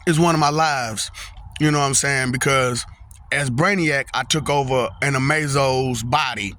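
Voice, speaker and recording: Rambling, bright-voiced young man outdoors. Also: mid-range voice, normal speed. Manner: rambling, laughs often, repeats "you know what I'm saying". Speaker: vlogger. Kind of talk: casual monologue to camera. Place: outdoors, windy.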